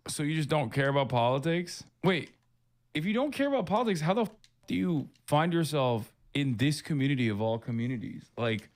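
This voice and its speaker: Male streamer, mid-pitched, reads chat aloud with mocking flair and quick laughing asides. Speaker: livestream host. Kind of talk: casual livestream chat, reading viewer comments aloud.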